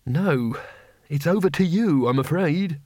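A man voicing a mild, polite former teacher who talks calmly and drily. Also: a little high, a little slow, dry recording. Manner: calm, dry and polite.

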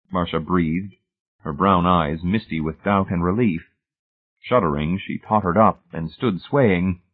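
A man reading an audiobook in a steady, measured narration, recorded with a tinny phone-like sound. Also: sits low.

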